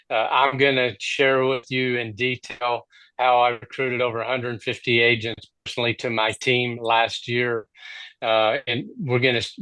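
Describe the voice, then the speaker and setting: A man co-hosting a training webinar over a video call, giving a punchy, repetitive sales pitch. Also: a bit bright, no echo, low-quality recording.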